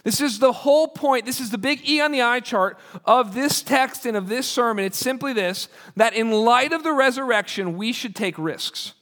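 A man's voice: very high voice, normal speed, hardly any pauses, a bit bright. A man preaching a sermon as pastor, in an emphatic, urgent way. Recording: long hall reverb.

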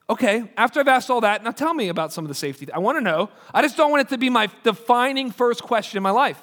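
A man's voice: extremely high pitch, lively intonation, quick pace, few pauses, fairly bright tone. A man preaching a sermon as pastor, in an emphatic, urgent way. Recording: long hall reverb.

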